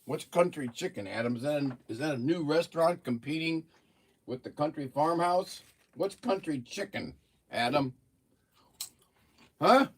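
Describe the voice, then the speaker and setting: A man's voice: a little high, moderate pace. A man hosting a casual livestream, chatting with viewers while eating and talking with his mouth full. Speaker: livestream host.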